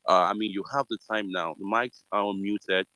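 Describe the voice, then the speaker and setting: Low-voiced host with many fillers. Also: male voice, steady tone, normal speed, sharp tone, dry recording, rough recording. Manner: hedging, many fillers, polite but pointed. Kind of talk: live audio chat room.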